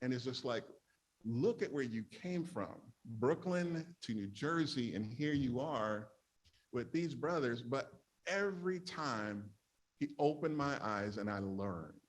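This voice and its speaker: A man's voice: mid-range voice, expressive, unhurried. A middle-aged man, telling a humorous personal testimony at church and acting out his own past complaints. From New York. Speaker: church member sharing testimony.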